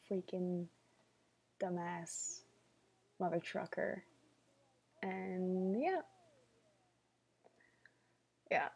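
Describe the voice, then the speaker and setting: A young woman chats slowly and easily through a livestream Q&A, her voice mellow and soft-edged. She jokes with viewers and keeps slipping into quiet, whispered asides, talking into a computer mic. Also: mid-range voice. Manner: playful, jokey, drops into whispered asides. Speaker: livestream host. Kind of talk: casual Q&A livestream chat.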